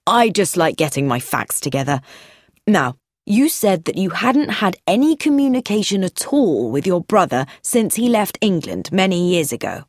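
A woman voicing a calm, probing police inspector who questions in a measured, persistent way. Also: on the low side, no echo, clean studio sound.

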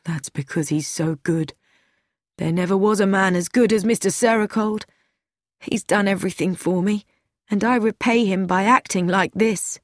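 A woman's voice: medium pitch, normal speed, no echo, studio quality, lightly acted. A woman reading an audiobook, voicing a sad, anxious young man who pleads and pities himself. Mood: remorseful. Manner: pleading, self-pitying.

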